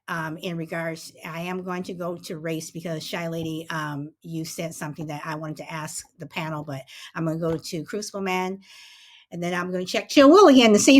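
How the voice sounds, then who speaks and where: A middle-aged woman hosting a panel discussion, speaking supportively to her guests. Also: on the low side. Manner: warm and supportive, addressing guests. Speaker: host.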